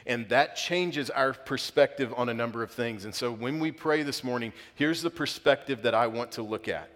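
A male pastor in his late 30s, with a medium-pitched, slightly bright voice, delivers an earnest sermon in a church auditorium with hall reverb. He builds up with surges of emphasis, with some halting restarts along the way.

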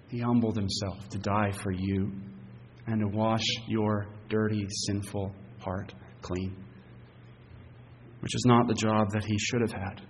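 A male pastor preaching an expository sermon, earnest and emphatic, with frequent fillers and restarts. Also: fairly low pitch. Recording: long reverb, faint hiss.

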